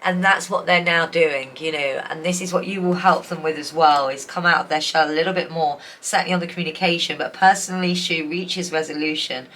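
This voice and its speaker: A woman's voice: deep voice, steady tone, fairly quick, few pauses, fairly bright tone, a little hiss or hum. Tearful, effusive woman reading tarot. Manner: emotional, effusive, rambling with many restarts and fillers. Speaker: tarot reader. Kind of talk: pick-a-card tarot reading.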